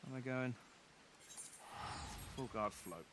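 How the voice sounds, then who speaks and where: This man, a vtuber streamer, plays a video game while chatting in an unhurried, medium-pitched voice over background noise. He rambles and often interrupts himself to restart sentences.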